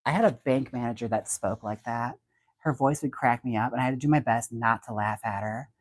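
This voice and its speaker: A man's voice: medium pitch, fairly quick, no echo. A man hosting a casual livestream, chatty and giggly as he talks about wigs and reads out viewer comments. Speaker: livestream host and wig stylist.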